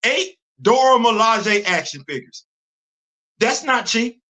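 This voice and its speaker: Heated high-voiced man ranting. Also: animated, slow, bright, forceful tone. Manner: heated, emphatic, repeats himself. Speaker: host. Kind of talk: casual commentary.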